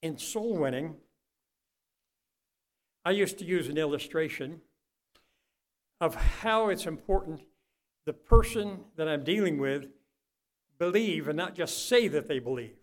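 An older male preacher with a fairly high voice delivers a sermon to a congregation. He talks like a folksy storyteller, dropping into soft asides and then climbing to loud, fervent peaks. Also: lively intonation, measured pace, pauses often.

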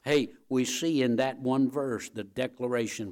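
A middle-aged man delivering a sermon in an emphatic preaching style. He repeats key phrases for weight and moves between hushed, low stretches and loud, driving climaxes. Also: steady tone, measured pace. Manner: emphatic, repeats phrases, rises and falls in volume.

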